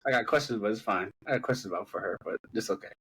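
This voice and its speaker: A man's voice: on the low side, racing, a bit bright, slightly rough. A man co-hosting a podcast, slangy and playful, repeating catchphrases in casual chat. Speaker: podcast co-host.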